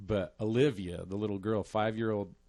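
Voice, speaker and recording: A man's voice: lowish voice, steady tone, normal speed, dark tone. A man in his thirties chatting on a podcast, telling a profane story about his kids with frequent laughter. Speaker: podcast host. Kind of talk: casual chat.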